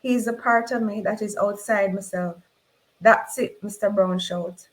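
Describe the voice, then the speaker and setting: Woman, jamaican accent, dramatic novel reading, expressive, mid pitch. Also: normal speed, rough recording. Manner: expressive, voices the characters in dialogue. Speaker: reader.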